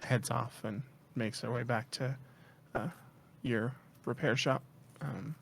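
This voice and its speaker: Gravelly-voiced male game master. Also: mid-range voice. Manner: relaxed, halting narration with many fillers. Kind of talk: narrating a tabletop game.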